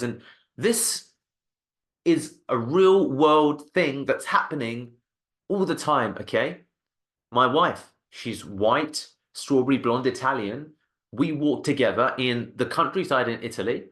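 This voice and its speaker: A man's voice: medium pitch, expressive, unhurried, fairly bright tone. A man, an agency founder, giving an emphatic motivational talk, repeating phrases for stress and checking in with "okay?".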